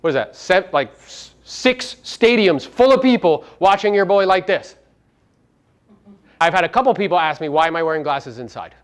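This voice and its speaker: A man coaching a live audience at a seminar, brash and profane, firing rhetorical questions at the room and swinging between loud punches and low asides. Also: expressive, moderate pace. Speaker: real estate coach and podcast host.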